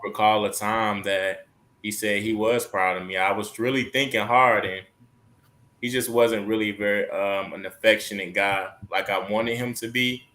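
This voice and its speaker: Low-voiced man, reflective, pauses often, panel talk. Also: steady tone, pushed and bright. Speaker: panel guest. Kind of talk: casual panel chat.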